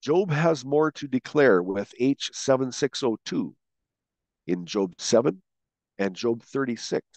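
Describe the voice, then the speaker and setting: A man teaching a Bible word study, slowly asking questions and stressing key words as he goes. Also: mid-range voice, expressive, a little mellow, no echo. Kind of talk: scripted teaching narration.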